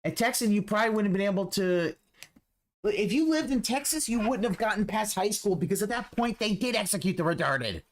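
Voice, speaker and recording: A man's voice: high voice, animated, a little fast. A man commentating over a stream, mocking the streamer in a profane, sarcastic rant.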